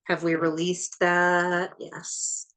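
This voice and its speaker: A woman leading an ancestral healing session, calmly and methodically counting back through generations in a matter-of-fact way. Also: fairly low pitch, extremely slow.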